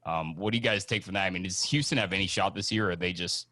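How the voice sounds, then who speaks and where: A man hosting a casual sports podcast, chatty and excitable as he leads the talk. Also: low-pitched, fast, no echo. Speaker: host.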